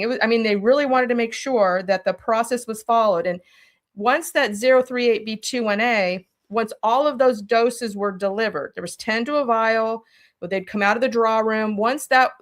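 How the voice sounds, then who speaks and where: A woman telling a personal story as an interview guest, animated and speaking directly to her listeners. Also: on the high side. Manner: animated, talks straight to listeners.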